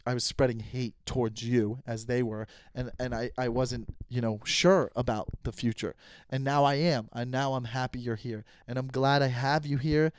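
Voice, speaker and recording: A man's voice: mid-range voice, dry recording, clean studio sound. A man hosting his own comedy podcast, talking in a casual, rambling, mock-earnest way and stumbling over his words.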